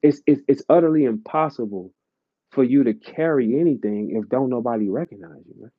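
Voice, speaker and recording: A man's voice: medium pitch, expressive, fairly quick, husky, no echo. A man, ranting bluntly and profanely in a live audio chat, lecturing his listeners. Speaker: host of an audio chat room. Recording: dull lo-fi audio chat stream.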